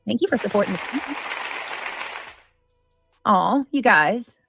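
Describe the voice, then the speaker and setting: A woman hosting a casual livestream, greeting viewers by name and cheering gifts with excited squeals. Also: medium pitch, takes it slowly, gravelly, husky, soft background music. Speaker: livestream host.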